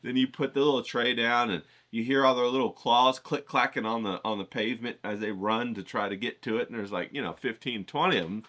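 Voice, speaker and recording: Brief: casual male vlog host, bright and forward tone, profane, chatty teaching style. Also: medium pitch, a little fast, hardly any pauses. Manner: rambling, profane, keeps checking in with "okay?". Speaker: writing challenge host. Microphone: filtered through a voice isolator.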